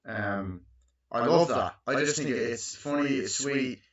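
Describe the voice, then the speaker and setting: A young man in his twenties recapping a movie in casual, profane chat, acting out lines in high voices. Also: unhurried, slight background noise. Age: 20s. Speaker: movie reviewer. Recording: echoey, distant, muffled room recording.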